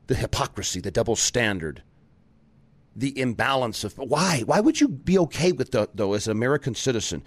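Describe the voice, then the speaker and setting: Male talk show host, mid pitch, sarcastic and animated, on a dry close mic. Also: normal speed, long pauses, no echo. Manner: animated, sarcastic, rising to emphatic outbursts. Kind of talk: political talk show monologue.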